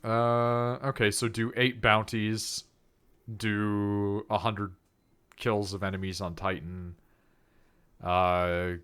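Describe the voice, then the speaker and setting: A man streaming a video game, chatting casually, animated and laughing as he mimics characters. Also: fairly low pitch, slow, clean tone. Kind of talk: casual gameplay chat.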